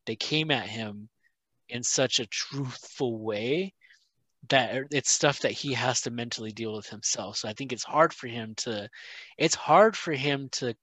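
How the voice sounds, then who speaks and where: A man co-hosts a casual podcast, retelling events in an animated way and acting out the people he quotes. His voice sits at an ordinary pitch, and the sound is dry and close with no room echo. He keeps checking in with "right?" and "you know". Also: unhurried. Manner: animated storytelling, quoting others, frequent "right?" and "you know". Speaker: podcast co-host. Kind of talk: casual chat.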